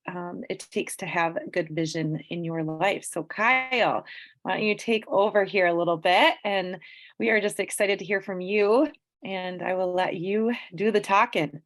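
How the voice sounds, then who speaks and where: A woman hosting a team video call, introducing the guest in a friendly, halting way with fillers. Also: lowish voice.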